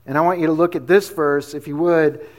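A man's voice: a little high, steady tone, a little fast. A male pastor giving a sermon in a casual, conversational way, dropping slang asides as he teaches.

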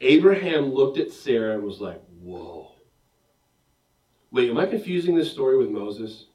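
A man's voice: medium pitch, a little fast, muffled recording. A man preaching a sermon, telling the story with jokes and acting out the voices of the people in it. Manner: animated, joking storyteller acting out bits. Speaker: pastor. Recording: roomy echo, mic at a distance.

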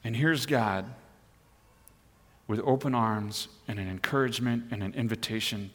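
Middle-aged pastor, bright, in a reverberant hall. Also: male voice, lowish voice, normal speed, breathy edge. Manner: animated storytelling, rising and pushing hard at the exciting parts. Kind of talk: sermon with personal story.

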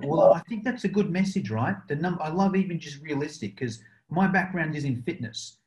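A man's voice: a little high, lively intonation, fairly quick, darkish tone. A man hosting a podcast interview, talking in a loose, chatty way and filling his sentences with "you know.". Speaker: podcast host. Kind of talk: casual interview chat. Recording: roomy echo.

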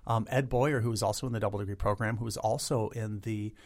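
A man in his fifties, a guest in an interview, talking in an animated, chatty way and imitating instruments with his voice. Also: on the low side, fast talker. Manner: chatty, many "like" fillers. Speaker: guest, a cappella arranger. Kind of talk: interview conversation.

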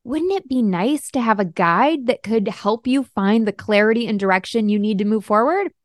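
A middle-aged woman hosting a coaching podcast, upbeat and emphatic, slowing down to stress key points. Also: fairly high pitch, expressive, no room sound, studio quality. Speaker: podcast host and life coach. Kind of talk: podcast monologue.

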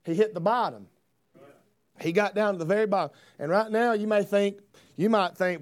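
A man's voice: high voice, moderate pace. A man preaching a sermon in a folksy, fervent manner. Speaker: pastor.

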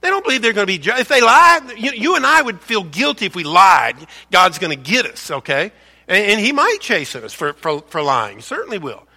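A man's voice: high voice, big pitch swings, fairly quick, gravelly, pushed and bright. A man preaching a sermon as a pastor, emphatic and preachy, repeating words and asking rhetorical questions. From United States.

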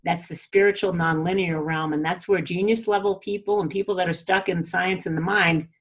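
A woman's voice: fairly low pitch, steady tone, brisk. A woman in a casual spiritual teaching talk, chatty, often laughing and saying "you know" and "like".

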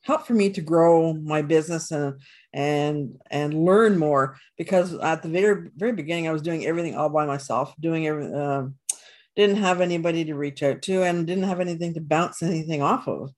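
A woman's voice: low voice, moderate pace, a little mellow. A woman guest on a podcast who answers at length with many fillers and restarts. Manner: rambling, frequent fillers and restarts. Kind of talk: casual interview chat.

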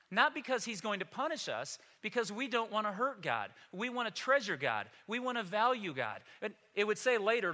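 A man's voice: high-pitched, pushed and bright, long reverb tail. A man pastor delivering a Christmas Sunday sermon in a church, emphatic and telling humorous stories. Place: church sanctuary.

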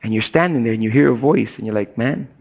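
A man's voice: fast talker, creaky. Middle-aged male pastor preaching, lo-fi. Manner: conversational preaching, swinging from loud and high to hushed and low; casual slang and asides to the congregation. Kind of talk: sermon. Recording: dull lo-fi recording.

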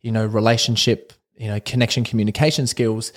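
Excitable rambling man podcasting. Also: fairly low pitch, fairly quick. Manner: excitable and rambling, with frequent restarts and laughs. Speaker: podcast host and personal development coach. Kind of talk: casual solo podcast monologue.

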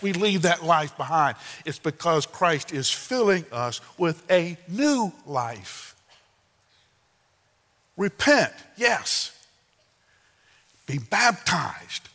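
Bright-voiced older male preacher. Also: on the high side. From Southern United States. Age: 60s. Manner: folksy storytelling with sudden loud outbursts and soft asides. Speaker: pastor. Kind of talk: sermon. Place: church sanctuary. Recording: long hall reverb.

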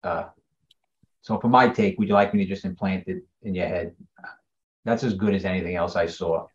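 A man's voice: low-pitched, steady tone, normal speed, dull audio. A man co-hosting a casual podcast chat, emphatic and critical in his opinions. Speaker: podcast co-host.

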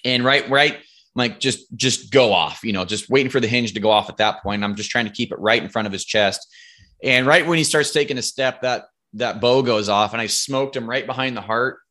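A man telling hunting stories as a guest in a casual podcast interview, animated and rambling, with free swearing. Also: mid-range voice, brisk. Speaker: podcast guest, bow hunter.

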